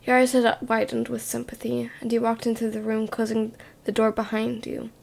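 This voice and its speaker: Gravelly woman in whispered role-play. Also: fairly high pitch, completely flat delivery, moderate pace. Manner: hushed second-person narration. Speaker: storyteller.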